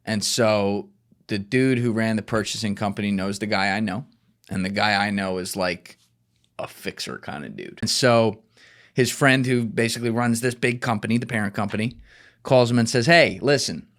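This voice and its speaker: A man's voice: lowish voice, moderate pace, fairly bright tone. A man casually telling a long story, rambling with fillers and frequent swearing. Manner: loose, profane, rambling with fillers.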